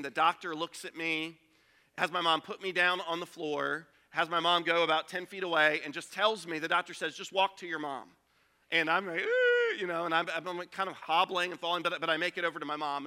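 Bright-voiced pastor preaching in a reverberant hall. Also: male voice, fairly high pitch. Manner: storytelling, conversational with acted quotes. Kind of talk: sermon.

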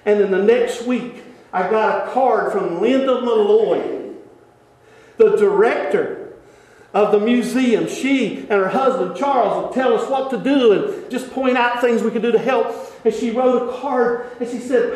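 A man preaching as a pastor, telling stories in an animated way, often laughing and dropping to hushed tones. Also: very high-pitched, unhurried. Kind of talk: sermon storytelling. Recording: echoey church hall.

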